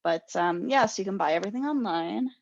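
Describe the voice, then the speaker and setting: This young adult woman co-hosting a podcast has a medium-pitched, expressive voice with vocal fry and a fast delivery. She chats casually, tells animated stories, and laughs frequently, all captured in a dull, dry, lo-fi recording.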